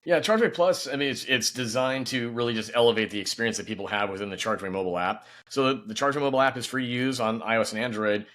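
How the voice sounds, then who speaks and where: A man's voice: mid-range voice, rapid-fire, hardly any pauses, fairly bright tone. A man speaking as a guest and company founder in a casual podcast interview, upbeat and peppered with "you know".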